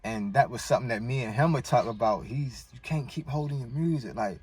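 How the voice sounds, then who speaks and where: A man's voice: mid-range voice, a little fast, darkish tone, breathy edge, no echo. A man from Baltimore with a Baltimore accent, a guest telling a personal story in a slangy, emotional, rambling way. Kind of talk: personal storytelling in casual chat. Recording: distant mic with faint noise.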